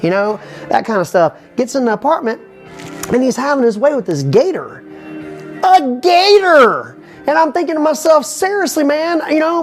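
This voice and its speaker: A man telling a rambling comic story, animated and full of asides. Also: very high-pitched. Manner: fast, animated, repeats "you know what I'm saying". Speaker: comedian.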